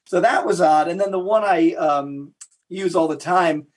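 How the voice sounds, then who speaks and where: A man being interviewed as a historian, telling lively anecdotes with frequent restarts. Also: high-pitched, measured pace. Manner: animated anecdotal storytelling with repeated restarts. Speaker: guest historian. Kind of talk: storytelling interview answers.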